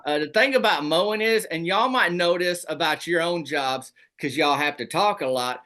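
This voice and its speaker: Guy telling deadpan tall tales on a radio show, bright punchy voice. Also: on the high side, normal speed. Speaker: comedian guest. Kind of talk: comic storytelling in a rural persona.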